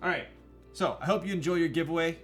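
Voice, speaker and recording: A man's voice: on the high side, fast talker, soft background music. Joking young man streamer. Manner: joking, reads chat aloud, teasing. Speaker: keyboard-building streamer. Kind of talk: casual live-stream chat.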